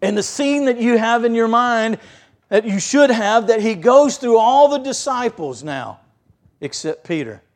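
A man preaching a sermon as pastor, telling the story vividly and swinging between loud stresses and quiet asides. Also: extremely high pitch, lively intonation, a little slow.

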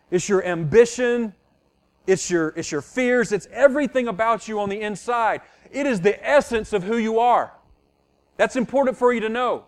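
A middle-aged male pastor preaching a sermon, teaching earnestly and repeating key phrases for emphasis. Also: high voice.

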